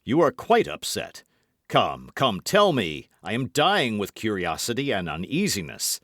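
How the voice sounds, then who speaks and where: Man reading calm, weary older musketeer, lower tone, steady. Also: no echo, studio quality, full character voice. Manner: low, measured and composed. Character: grave, phlegmatic older male musketeer.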